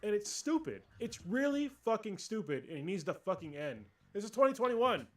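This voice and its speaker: A man co-hosting a casual livestream podcast, ranting and swearing freely in animated chat. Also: sits high, moderate pace. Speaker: podcast co-host.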